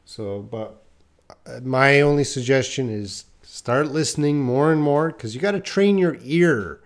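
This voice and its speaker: A man's voice: medium pitch, measured pace. Casual man giving pronunciation advice. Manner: relaxed, rambling with fillers and restarts. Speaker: English teacher. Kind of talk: casual teaching talk.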